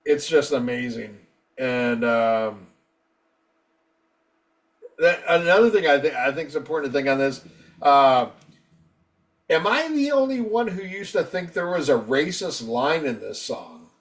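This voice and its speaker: Guy ranting about a rock album, swears a lot, kinda high voice, casual podcast chat. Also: very animated, a little slow, long pauses. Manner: profane, rambling, acts out quotes. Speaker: podcast co-host.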